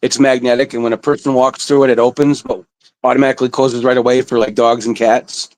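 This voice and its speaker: A man's voice: mid-range voice, level tone, fast, darkish tone, no echo, poor audio. Supportive man on a livestream. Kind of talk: casual livestream chat.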